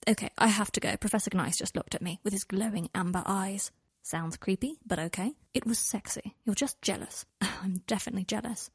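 Husky woman reading a story aloud. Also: mid-range voice, a little fast, hardly any pauses, no room sound, clean studio sound. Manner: reads both characters' dialogue and texts in one voice. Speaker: fan fiction audiobook reader. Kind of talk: scripted narration.

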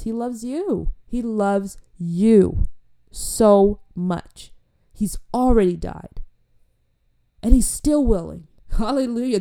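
Passionate mellow-voiced woman preaching. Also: mid-range voice. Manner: passionate, conversational, repeats phrases for emphasis. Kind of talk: informal faith talk and prayer.

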